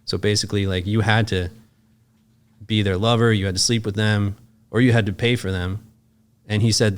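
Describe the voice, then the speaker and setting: A man's voice: lowish voice, moderate pace, long pauses, clear, resonant tone. A young man, a podcast guest, telling a personal story in casual talk, emotional and profane, acting out the other people's lines as he goes. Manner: emotional, profane, animated retelling with quoted dialogue.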